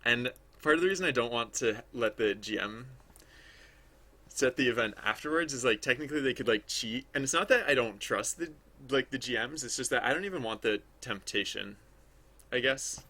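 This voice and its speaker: A man's voice: mid-range voice, animated, moderate pace, bright, forceful tone. A man streaming his game development work, chatting casually and rambling as he thinks aloud. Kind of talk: casual livestream commentary while working.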